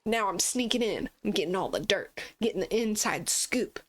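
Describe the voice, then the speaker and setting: A woman's voice: medium pitch, expressive, normal speed. A woman hosting a gaming channel, chatting casually and playfully with frequent giggles as she plays. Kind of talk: casual gameplay chat.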